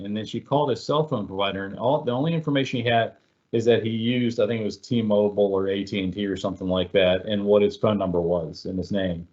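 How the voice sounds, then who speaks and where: A man's voice: on the low side, a little mellow, highs cut off. Man presenting a security webinar. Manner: conversational, filler-heavy, storytelling. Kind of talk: casual explanatory presentation.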